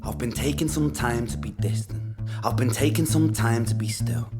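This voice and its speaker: A man's voice: medium pitch, moderate pace, lightly acted. A man singing as a defiant survivor over guitar. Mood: hushed. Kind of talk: spoken word then singing over guitar. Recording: song with loud guitar music.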